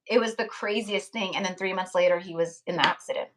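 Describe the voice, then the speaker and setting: A woman's voice: lowish voice, brisk, few pauses, fairly bright tone. A young woman hosting a live tarot stream, speaking in a rambling, heartfelt way, with many fillers and restarts. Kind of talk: casual live-stream chat.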